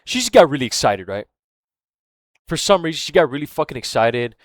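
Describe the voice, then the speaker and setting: A man rambles through a personal story, swearing freely and often losing track of what he was saying. His voice sits at an ordinary middle pitch. The recording is dry, with almost no room sound. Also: big pitch swings, fairly quick, no room sound. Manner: rambling, profane, keeps losing his thread; filler-heavy, with frequent "right?" and "man". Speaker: vlogger. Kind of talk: casual rambling monologue.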